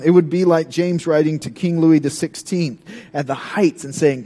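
A man preaching a sermon in a conversational, animated way, breaking into dramatic scripture readings. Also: fairly high pitch, normal speed. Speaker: pastor.

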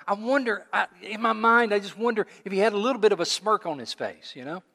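A man's voice: high-pitched, animated, moderate pace, a bit bright. A man preaching a sermon in a conversational way, acting out quotes and repeating words. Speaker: pastor. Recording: long hall reverb.

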